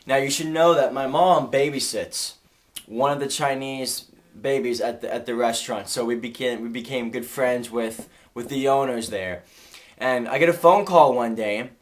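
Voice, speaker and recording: Speaking at normal speed in a mid-range voice, a man in his room chats his way through a funny story. He keeps restarting sentences and performs the other characters' voices.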